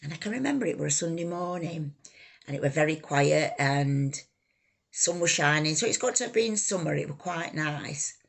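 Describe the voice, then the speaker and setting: A woman telling her own life story, halting, raw and emotional, swearing freely. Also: sits low, animated, creaky. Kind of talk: personal life story told to camera.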